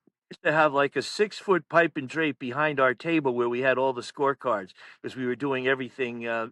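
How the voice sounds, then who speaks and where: A man, a powerlifting meet announcer, telling stories in casual chat, animated and laughing often. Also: medium pitch, no room sound. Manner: animated, laughs through stories, acts out quotes loudly. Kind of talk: casual storytelling.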